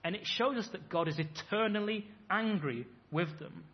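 A pastor in his thirties preaches a sermon in a high, animated voice at a moderate pace, making his points emphatically and acting out imagined voices. The recording has a dull lo-fi sound.

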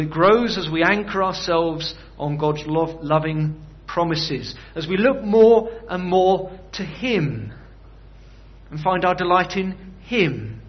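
A man's voice: fairly high pitch, muffled recording. A man preaching a sermon in a conversational way, often putting rhetorical questions to his listeners.

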